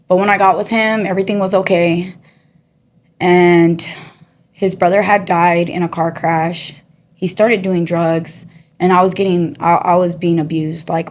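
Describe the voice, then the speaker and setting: Woman telling a hard story, chatty and animated. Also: fairly low pitch. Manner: animated storyteller, acts out the people in her story; chatty and streetwise, often says "you know" and "girl". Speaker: guest sharing her testimony. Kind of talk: casual testimony storytelling.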